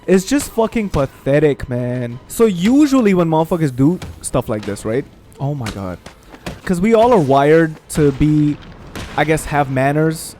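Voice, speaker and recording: A man ranting with emphasis and plenty of profanity, giving commentary over gameplay. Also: a little high. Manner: profane, animated, emphatic venting. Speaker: gaming streamer.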